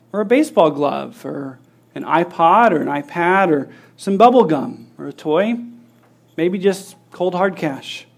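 A man preaching a sermon, teaching earnestly with rhetorical questions and acting out everyday scenes. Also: high voice. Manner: acts out scenes with lively voices.

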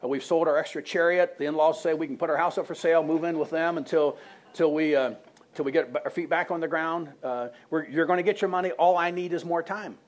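A preacher acting out a male slave who begs for more time to repay a debt, talking fast and anxiously. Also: fairly high pitch, fairly even intonation, close to an everyday voice. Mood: pleading. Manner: rushed, breathless promises. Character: pleading indebted male slave, anxious and eager.

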